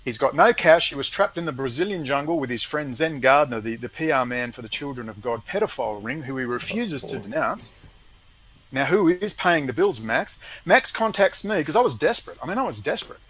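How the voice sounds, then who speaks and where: A man's voice: mid-range voice, lively intonation, a little fast, fairly bright tone, rough recording. A man ranting emphatically and scornfully in a heated conversation, with many restarts.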